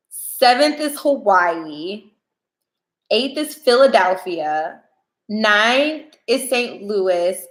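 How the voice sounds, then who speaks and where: A woman's voice: fairly high pitch, a bit bright, reverberant, rough recording. A young woman, chatting casually with viewers during a tarot livestream. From New York.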